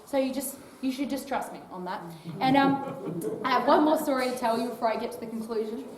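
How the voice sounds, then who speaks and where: Fairly high-pitched and brisk, with a little hiss or hum, this Australian woman chats through a casual talk for a live audience as a touring public speaker. Tag questions like "right?" pepper her sentences, and the indoor old library hall sounds echoey, her voice far off.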